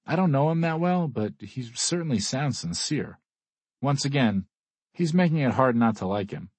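A man narrating a first-person audiobook in a measured, even manner. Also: mid-range voice, slightly rough, no echo.

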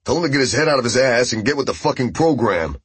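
A man voicing a gruff, foul-mouthed male team leader who barks orders. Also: mid-range voice, animated, fast, no echo, pitched above the performer's own voice. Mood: impatient. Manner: barking, profane.

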